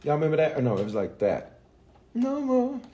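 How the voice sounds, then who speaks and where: A man preaching in a loose, conversational way, looping back over key phrases to drive them home. He speaks as a bishop leading his viewers through a sermon recap, greeting them by name along the way. His voice sits in an ordinary middle pitch. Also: expressive, very fast, mellow.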